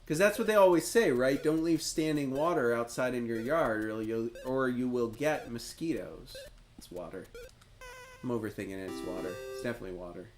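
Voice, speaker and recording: A man's voice: mid-range voice, fairly quick, faint music behind. A man hosting a live stream, cheering and chatting to viewers as he plays a retro quiz game. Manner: excitable, cheers and chats to viewers. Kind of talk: live gameplay commentary.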